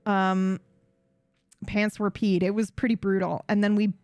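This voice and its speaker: A young woman telling a story in a casual, animated way, swearing and acting out voices. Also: a little slow, no room sound. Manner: animated, swearing, acts out voices with high yelps. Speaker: streamer.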